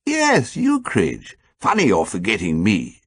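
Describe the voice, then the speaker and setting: A man voicing a buoyant, wheedling young gentleman schemer who calls everyone old horse. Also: lowish voice, huge pitch swings, unhurried, slightly rough, dry recording, exaggerated voice. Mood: coaxing. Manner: hearty, wheedling, anxious when thwarted.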